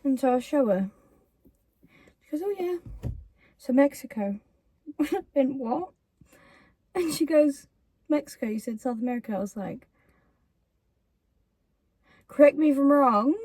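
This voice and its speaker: A woman's voice: high voice, a little slow, long pauses, a little mellow, no room sound. A young woman telling stories about her friend in a casual chat, quoting her in put-on voices. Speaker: YouTuber co-host.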